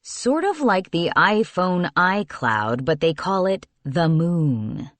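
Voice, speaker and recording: A woman's voice: fairly low pitch, big pitch swings, slow, no room sound. A woman voicing a cheery, nerdy young male salesman who talks eagerly about gadgets. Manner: eager, knowledgeable sales patter.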